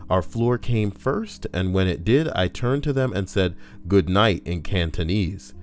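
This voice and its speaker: A man's voice: deep voice, lively intonation, a little slow, a little mellow, slight background noise. A man reading online stories aloud and cutting in with crude, joking asides. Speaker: YouTuber reading Reddit posts. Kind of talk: comedic reading with commentary. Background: faint background music.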